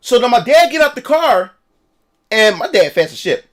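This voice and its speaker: A man's voice: very high-pitched, sing-song, moderate pace, a bit bright. A man telling a story in a casual livestream rant, profane and repetitive. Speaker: streamer.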